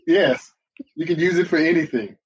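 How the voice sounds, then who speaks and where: A man's voice: on the high side, moderate pace, breathy edge. A man co-hosting a casual studio chat show, playful and joking, often asking questions. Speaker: podcast co-host. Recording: slightly dull, muffled sound.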